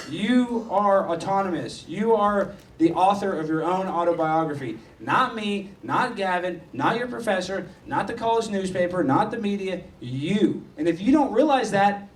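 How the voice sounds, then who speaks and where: Male provocateur, fairly high voice, brash talk in a university hall, distant mic with faint hiss. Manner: mocking, swings from loud rants to mutters. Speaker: guest speaker. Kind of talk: provocative live speech.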